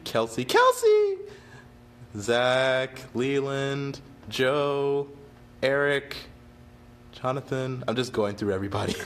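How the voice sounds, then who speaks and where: A man's voice: mid-range voice, fairly bright tone, roomy sound. A man teaching on a casual livestream, chatty and laid-back, laughing often and apologizing freely. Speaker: percussion instructor on a livestream.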